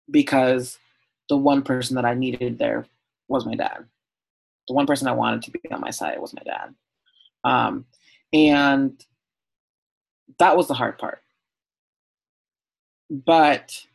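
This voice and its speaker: A medium-pitched man with vocal fry, captured in a low-quality recording, is a podcast guest from Southern California, USA. In a conversational interview he speaks candidly and from the heart, telling stories openly with frequent "um" and "like."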